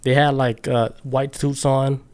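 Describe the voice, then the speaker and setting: A man at a middle pitch co-hosting a podcast, retelling a story in casual chat. His talk is loose and profane, strung together with "like" and little restarts. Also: flat delivery, unhurried, darkish tone, smooth. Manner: loose and profane, many fillers like "like". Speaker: podcast co-host.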